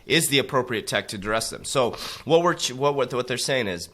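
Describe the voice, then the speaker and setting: A crypto motivational coach with a bright voice gives a preachy motivational monologue, repeatedly calling his listeners warriors and dropping low and quiet on tag words. He speaks a little fast with lively intonation and coughs from allergies.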